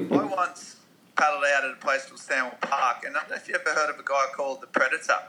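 A man's voice: medium pitch, fast, bright, forceful tone. A man co-hosting a podcast with laid-back, jokey banter. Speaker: podcast co-host. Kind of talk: casual podcast chat.

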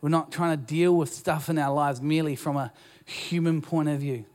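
Fairly high-voiced New Zealand pastor preaching. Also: male voice, fairly even intonation, moderate pace, a little mellow. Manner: conversational, self-deprecating preaching with restarts. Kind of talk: sermon. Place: church auditorium.

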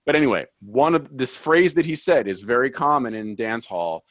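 A man's voice: mid-range voice, expressive, normal speed, a bit bright, no echo, dull audio. A man co-hosting a soccer podcast, talking in casual chat and making his points with emphasis. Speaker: podcast co-host.

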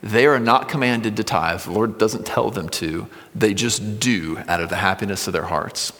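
A man with a fairly low voice preaches to his congregation, moving between read scripture and relaxed, everyday explanation. His words ring out with the long reverb of a large church hall. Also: normal speed. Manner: conversational teaching, reads scripture aloud then explains. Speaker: pastor. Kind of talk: sermon. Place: church sanctuary with screens.

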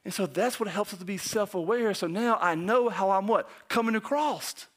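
A pastor's sermon, delivered by a man whose voice sits high and moves at a normal speed. He stays animated, keeps quizzing the congregation, and at moments hushes almost to a whisper.

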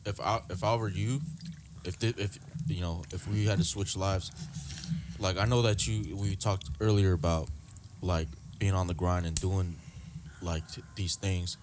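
A man's voice: sits low, fairly even intonation, unhurried, background noise. A man in casual chat, blunt and joking as he reacts to the others.

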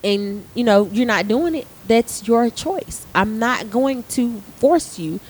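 A woman's voice: a little high, takes it slowly, a little hiss or hum, low-quality recording. 30s lady teacher ranting casual, swears a lot, does the voices in her story. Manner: animated storytelling with profanity, acting out quotes. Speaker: theater arts teacher. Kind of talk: casual podcast chat.

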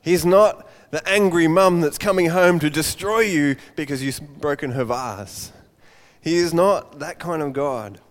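A man preaching a Father's Day sermon, an animated storyteller who acts out the voices of his characters. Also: on the high side, measured pace, big-room sound.

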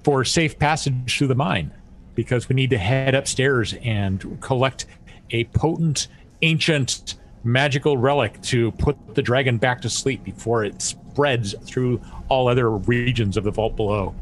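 A man's voice: mid-range voice, measured pace, a little hiss or hum. A young man playing a tabletop game, playful and wordy when he speaks in character. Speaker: player.

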